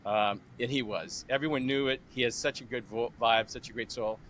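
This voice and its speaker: A man in his sixties hosts a podcast interview in a casual, chatty way. He tells stories with animated voices for the people in them. A faint background hum sits under his medium-pitched voice. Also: brisk. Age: 60s. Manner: animated, retells phone calls with lively imitated voices. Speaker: podcast host.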